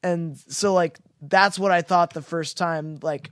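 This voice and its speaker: A man co-hosting a film podcast, talking in a rambling, halting way with frequent restarts as he searches for words. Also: a little high, steady tone, a bit bright, clean tone, dry recording, studio quality. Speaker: podcast co-host. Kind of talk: casual film discussion.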